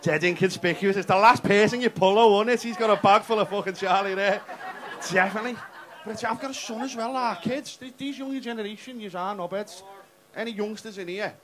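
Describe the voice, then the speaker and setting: A man's voice: high-pitched, a little fast, fairly bright tone. A man, doing a brash, sweary stand-up set on a comedy club stage, teasing the crowd. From England. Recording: noisy live club recording. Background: audience laughter.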